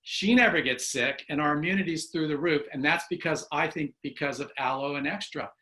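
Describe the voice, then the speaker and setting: An enthusiastic man in his sixties tells stories over a video call. His voice sits a little high and rings bright and forceful. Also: fairly quick. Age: 60s. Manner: enthusiastic storyteller. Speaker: guest. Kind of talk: casual video call chat.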